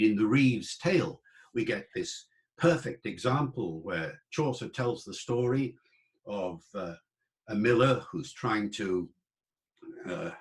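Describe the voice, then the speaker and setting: A male lecturer gives an online talk with a lively, widely ranging voice that rises and falls. He pitches in the middle for a man and explains patiently. He slows down to sound out single words for his listeners. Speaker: lecturer on the English language.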